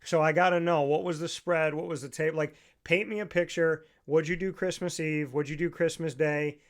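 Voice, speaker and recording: A young man hosting a casual talk show, telling anecdotes in an animated way and acting out the people in them. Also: a little high, normal speed. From central New York. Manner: animated storyteller, acts out voices in anecdotes. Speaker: podcast host. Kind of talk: casual chat.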